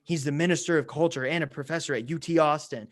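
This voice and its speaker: A man's voice: a little high, fairly even intonation, fast talker. A man co-hosting a podcast in casual chat, eager and slangy, calling his friends "bro". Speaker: podcast co-host.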